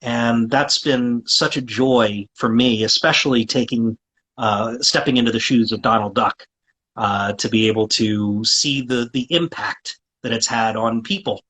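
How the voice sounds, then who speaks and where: A man's voice: medium pitch, a little slow, bright, forceful tone, husky, low-quality recording. A man being interviewed as a guest voice actor, chatting casually and talkatively, often restarting his sentences with fillers.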